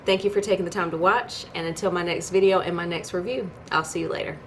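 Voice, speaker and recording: A woman with a slightly low voice walks through a TV episode in a casual, chatty recap. She tells the story conversationally and breaks in with incredulous asides. A faint hiss sits under her voice. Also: fairly even intonation, fast talker. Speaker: YouTube TV reviewer.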